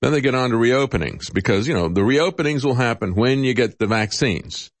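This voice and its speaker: A man's voice: fairly quick, no echo. A man hosting a political talk show, giving opinionated commentary with sarcasm and mocking voices when he quotes others. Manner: animated, rising pitch in quotes.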